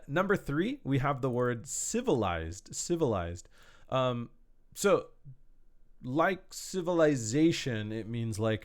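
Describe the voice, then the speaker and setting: Slow, patient male English teacher. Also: medium pitch, smooth. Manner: slow, patient explaining with simple examples. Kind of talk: online language lesson. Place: indoor room, warm. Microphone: speaking to a camera.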